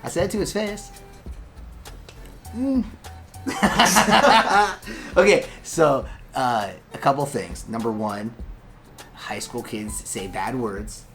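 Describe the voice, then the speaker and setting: A man's voice: mid-range voice, expressive, slow pace, pauses often, over music. A man who is a lawyer hosting a casual vlog from his law office, chatty and joking as he rambles. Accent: Californian.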